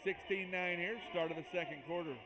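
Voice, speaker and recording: A man doing chatty, excitable play-by-play for a school basketball game, joking with listeners between plays. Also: high-pitched, fairly quick. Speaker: play-by-play announcer. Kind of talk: amateur basketball commentary. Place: school gym. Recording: noisy gym sound.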